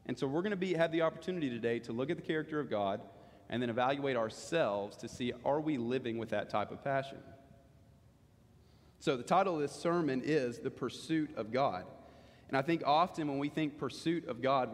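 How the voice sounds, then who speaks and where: A man preaching a sermon in earnest, slowing down to stress key lines. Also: mid-range voice. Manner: earnest, slows down for emphasis. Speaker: pastor. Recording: long hall reverb.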